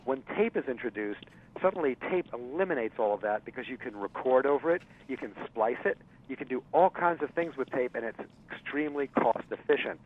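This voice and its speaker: A man's voice: medium pitch, fairly quick. Chatty man storytelling over a phone line. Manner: animated storyteller, many fillers and restarts. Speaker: interview guest, jazz writer. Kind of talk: storytelling radio interview. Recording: tinny phone-line sound.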